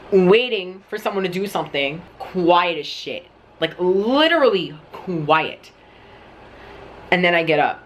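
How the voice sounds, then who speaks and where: A man's voice: fairly high pitch, a bit bright, slight background noise. Foul-mouthed young man telling a story. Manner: profane, dramatic storyteller, heavy use of "like". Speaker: vlogger. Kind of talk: story time vlog.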